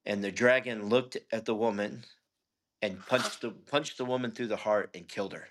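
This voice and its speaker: In an interview, a middle-aged man who is a pastor tells his personal testimony in a lowish voice, steady in tone and normal in speed. His storytelling is earnest and conversational, sprinkled with "you know", over a little hiss or hum.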